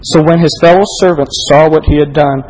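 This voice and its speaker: A man preaching a sermon. He swings between loud, emphatic reading and soft, close appeals, and asks his listeners many direct questions. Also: fairly high pitch, steady tone, fairly quick, big-room sound, rough recording.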